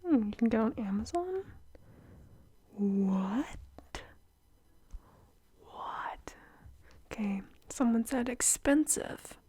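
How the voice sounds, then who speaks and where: Soft-spoken young woman doing ASMR. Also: fairly high pitch, expressive, takes it slowly, pauses often, slightly rough, no room sound. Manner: soft-spoken, often slips into whispers, giggly. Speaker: ASMR creator.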